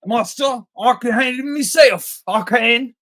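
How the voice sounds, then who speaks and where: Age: young adult. Figure: a man doing a blustering young woman caver. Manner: mocking, squeaky. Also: measured pace, pushed and bright, exaggerated voice. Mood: cocky. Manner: mocking, exaggerated high voice.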